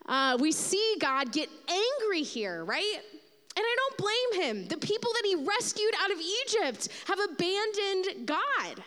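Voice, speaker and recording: A woman preaches a sermon, retelling a Bible story with lively, acted-out asides. Her voice sits high. The recording carries a long reverb tail from a large hall. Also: moderate pace. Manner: animated storytelling, acts out the Bible figures. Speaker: pastor.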